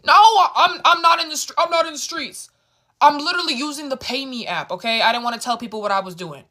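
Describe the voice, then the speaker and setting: A woman voicing a quiet, easygoing young man with a deep voice, in a spoken storytime. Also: fast talker. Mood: laid-back. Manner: easygoing, few words. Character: laid-back young man, big quiet teddy bear.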